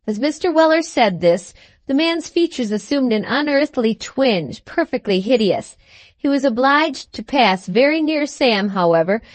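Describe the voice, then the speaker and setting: A woman narrating a classic novel as an audiobook, measured and even. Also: a little high, no room sound.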